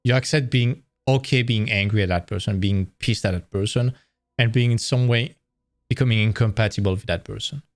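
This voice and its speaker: A man's voice: fairly low pitch, fairly quick, no room sound. Blunt, casual male presenter. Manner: candid and blunt, swears, acts out quoted lines in a raised voice. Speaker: presenter giving career advice to art graduates.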